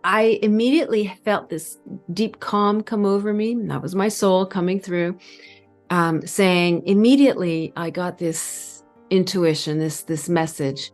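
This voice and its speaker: A middle-aged woman giving a calm, earnest spiritual talk, pausing and stretching words. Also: on the low side, faint music behind. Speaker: spiritual channel host. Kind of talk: reflective spiritual talk to camera.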